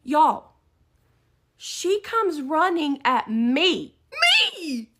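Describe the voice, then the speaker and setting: A woman giving an animated, dramatic storytime narration. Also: fairly high pitch, moderate pace.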